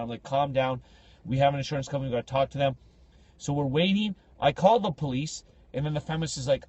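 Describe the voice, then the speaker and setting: Animated husky young man. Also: fairly high pitch, quick pace, dry recording. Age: young adult. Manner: animated, acts out voices in his stories. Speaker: podcast co-host. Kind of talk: casual storytelling chat.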